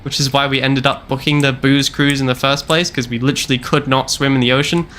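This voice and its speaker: Casual storytelling while gaming: a young man rambles through a long travel tale, repeating himself wryly. His mid-range voice has little pitch movement and comes out a little fast, pushed, and bright, with a bit of hiss or hum.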